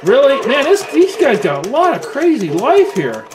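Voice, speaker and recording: A man giving casual gameplay commentary while reviewing a retro games console, excitable and swearing as he trash-talks the game. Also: very high-pitched, normal speed. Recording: loud game music behind the voice. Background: loud arcade game music.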